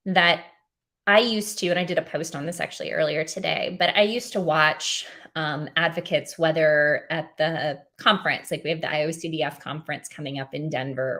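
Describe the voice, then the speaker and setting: A woman with a lilt talks straight to her live-stream audience in an earnest, encouraging way, often pausing on "um" and restarting her sentences. Her voice sits a little low for a woman. She sounds like she is on a webcam or phone mic. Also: a bit bright. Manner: earnest, encouraging, speaks directly to viewers; frequent "um" fillers, restarts. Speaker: OCD advocate hosting a live Q&A.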